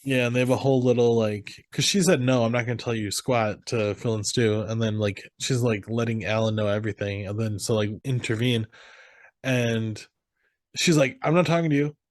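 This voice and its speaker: A man's voice: fairly low pitch, steady tone, moderate pace, no echo, clean studio sound. Man casually recapping a movie. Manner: retells scenes, quoting characters. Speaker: podcast co-host.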